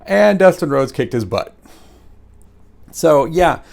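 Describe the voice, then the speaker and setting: A man with a slightly high voice rambles through a casual solo review. He gets excitable and tosses in plenty of fillers as he recaps the matches. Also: takes it slowly, creaky. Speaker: wrestling show reviewer.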